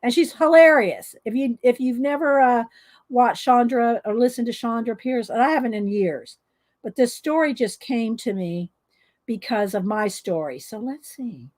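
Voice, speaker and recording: Woman host, chatty rambling storyteller, higher voice, laughs often. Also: normal speed, darkish tone. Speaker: adult coloring video host. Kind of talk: casual storytelling to viewers.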